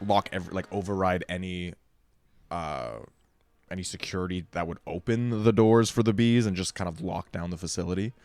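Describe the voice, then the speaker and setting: A man's voice: low-pitched, brisk, darkish tone. A man playing a tabletop game, hesitant and repeating himself as he decides his moves. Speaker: player.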